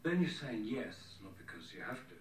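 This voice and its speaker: A man's voice: mid-range voice, very animated, brisk, slight background noise, lightly acted. An actor playing an earnest male self-help guru who explains patiently in film dialogue. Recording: film audio, roomy and distant.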